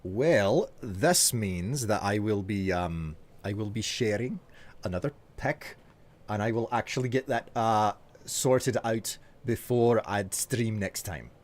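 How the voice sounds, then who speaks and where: A man with a Scottish accent and a voice on the low side speaks at a slow pace. As a streamer chatting live while gaming, he reads and answers viewer messages, using hesitant fillers.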